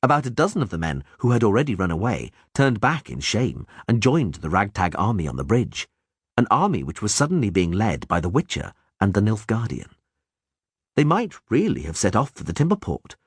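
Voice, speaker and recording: A man reads an audiobook aloud with a husky voice. His pitch swings widely as he dramatizes the story. The sound is dry and close. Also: no echo. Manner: lively dramatic reading. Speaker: audiobook reader. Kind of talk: audiobook narration.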